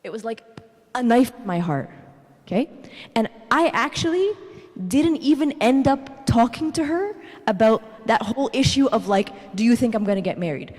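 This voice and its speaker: A woman in her thirties giving a parenting talk at a church, telling animated personal stories and tagging her points with "okay?". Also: fairly high pitch, slightly rough. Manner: animated storytelling, tags lines with "okay?". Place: church hall. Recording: reverberant church hall.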